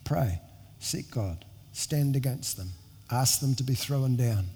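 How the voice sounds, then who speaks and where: A middle-aged pastor preaches and tells stories in a big hall whose long reverb surrounds his mid-range voice. His delivery is animated yet slow, mellow with a slight roughness, and he keeps restarting sentences, earnest and chatty, with self-deprecating asides.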